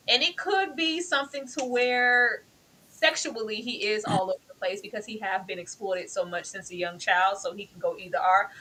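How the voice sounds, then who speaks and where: High, bright, animated woman. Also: slight background noise, low-quality recording. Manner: animated, exclamatory, playfully teasing. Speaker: co-host reviewing a TV drama. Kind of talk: casual chat.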